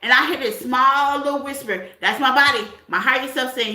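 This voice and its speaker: A woman gives a spiritual tarot reading in a high, bright voice. She talks in a loose, chatty way and keeps asking "okay?" The room around her is echoey. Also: moderate pace. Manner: conversational, chatty, repeats "okay?" often. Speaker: tarot reader.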